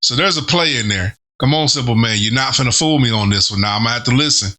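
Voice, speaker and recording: A man hosting a casual album reaction, talking excitedly in loose slang and breaking down the lyrics as he listens. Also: medium pitch, fast talker. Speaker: host reviewing an album.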